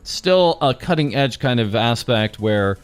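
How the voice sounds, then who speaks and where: Man interviewing with an expressive voice. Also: mid-range voice, measured pace, clear, resonant tone, no echo, faint music behind. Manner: friendly questioning with hesitant fillers. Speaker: interviewer host. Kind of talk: casual interview.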